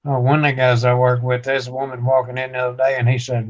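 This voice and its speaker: A man's voice: medium pitch, completely flat delivery, fast talker. Laid-back man on muffled stream audio. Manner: laid-back, rambling anecdotes. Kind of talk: casual livestream chat.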